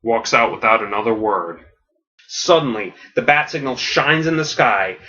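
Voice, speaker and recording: Animated man pitching a comic story. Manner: animated retelling, laughing at his own jokes, putting on quick character voices. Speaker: podcast host. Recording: dull lo-fi audio.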